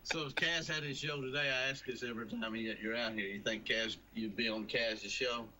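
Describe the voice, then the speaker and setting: A man's voice: medium pitch, fairly even intonation, brisk, very noisy. A man, hosting a local TV talk show and chatting easily with his guests. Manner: easygoing, chatty, prone to restarts. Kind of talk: casual studio chat.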